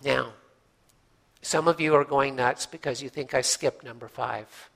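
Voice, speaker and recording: A man preaching a sermon as a pastor, telling a story with gentle pauses and soft, hushed emphasis in a folksy, unhurried manner. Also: mid-range voice, fairly even intonation, gravelly. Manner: folksy, with frequent uh fillers.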